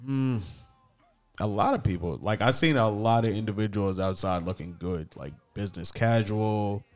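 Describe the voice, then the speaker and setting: A man's voice: fairly low pitch, moderate pace, faint music behind. A young man co-hosting a podcast, telling stories in a laid-back, joking, slangy way. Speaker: podcast co-host. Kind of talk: casual chat.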